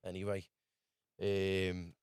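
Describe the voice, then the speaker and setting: A man's voice: low voice, monotone, slow pace, a little mellow, smooth, dry recording, clean studio sound. A man from Liverpool with a Scouse accent, telling a rambling travel story as a podcast guest and saying "lad" over and over. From Liverpool, England. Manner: rambling, full of "lad" and "do you know what I mean". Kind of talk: casual storytelling.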